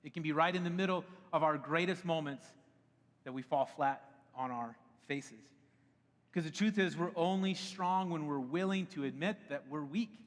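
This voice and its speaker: A man in his thirties preaching from a church stage, talking to the crowd like he is chatting with friends and often laughing at himself. His voice sits a little on the high side. The sound rings with the long echo of a large worship hall. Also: normal speed. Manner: conversational and animated, laughs often. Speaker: pastor. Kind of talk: sermon. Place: church auditorium.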